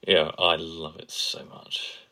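A man with a very low voice and a bright, forceful tone co-hosts a casual fan podcast. He talks with enthusiasm and gushes about moments he loves. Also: level tone, slow pace. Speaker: podcast co-host.

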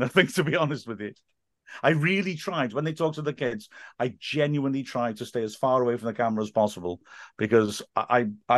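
A man's voice: medium pitch, dry recording, studio quality. A man as a podcast guest, a stadium announcer and teacher, chatting casually and telling stories with frequent laughs and quoted voices.

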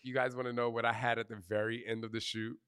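A man answering questions in front of a group, telling candid stories in animated, slangy speech with cursing and acted-out quotes. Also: mid-range voice, quick pace, clear, resonant tone. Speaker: fitness trainer interviewee. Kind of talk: candid storytelling Q&A before a live group. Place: outdoor retreat gathering.

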